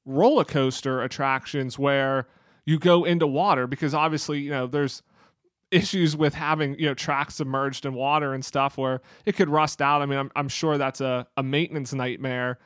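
In a clean, dry studio recording, a podcast co-host chats casually, explaining things at length with lots of fillers and restarts. His voice is mid-range and a bit bright, with fairly even intonation at a moderate pace.

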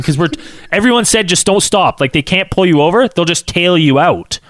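A man telling a casual anecdote, acting out quotes in an animated way and saying "like" a lot. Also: high-pitched, normal speed, no echo, clean studio sound.

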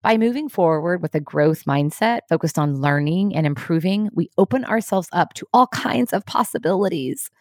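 Low-voiced woman, dry studio delivery. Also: animated, moderate pace, hardly any pauses, no room sound. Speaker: leadership podcast host. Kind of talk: scripted motivational talk.

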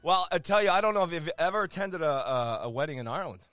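A man hosting a casual chat, playful and quick to tease and laugh. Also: on the high side, lively intonation, a bit bright, faint music behind. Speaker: podcast host.

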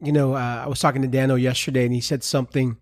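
A male podcast host responds with warm agreement, his speech full of small pauses and fillers as he thinks aloud. His mid-pitched voice is recorded dry and close. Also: little pitch movement, no echo. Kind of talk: podcast conversation.

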